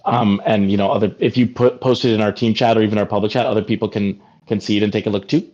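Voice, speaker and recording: Leading a relaxed team meeting over video call, a man rambles on, filling his speech with fillers and frequent "like"s. He talks fast in a slightly mellow voice on the low side, with little pitch movement, over dull lo-fi call audio.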